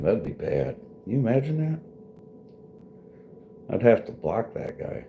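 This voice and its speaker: This livestreamer and vlogger, a grown man with a wife and kids, has a warm, sing-song voice at medium pitch. He talks a little slowly with frequent pauses, rambling, swearing, and laughing a lot in casual chat with viewers, over slight background noise.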